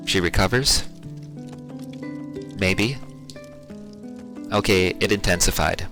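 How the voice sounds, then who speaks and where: Low-voiced man streaming his own game. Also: moderate pace. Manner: relaxed, chatty, with fillers. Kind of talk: casual let's-play commentary. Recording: clear music behind the voice. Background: music.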